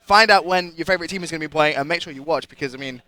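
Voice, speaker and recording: A man's voice: fairly high pitch, very fast, pushed and bright. A man with a British accent, casting live esports in an enthusiastic, hype-building way. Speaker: esports caster.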